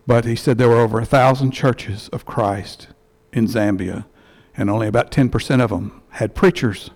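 Male church elder, sermon storytelling, heartfelt and halting, a bit of fry in the voice, headset mic. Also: mid-range voice, darkish tone.

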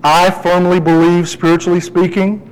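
A middle-aged man preaching a sermon and telling a personal story, lively and animated, his voice jumping high as he quotes himself. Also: moderate pace, clear, resonant tone, low-quality recording. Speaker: pastor.

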